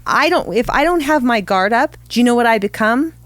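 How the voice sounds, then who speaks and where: A woman's voice: fairly high pitch, expressive, fairly bright tone, no room sound. Earnest woman co-hosting a chatty podcast. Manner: affirming, earnest, drawn-out with fillers. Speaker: podcast co-host. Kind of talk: casual podcast chat.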